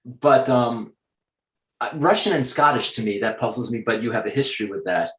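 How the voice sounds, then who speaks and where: A man talks in a relaxed interview, measured and sure of himself. His voice sits at an ordinary middle pitch. The room gives it a noticeable echo. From United States. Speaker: actor, interview guest. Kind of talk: casual interview conversation.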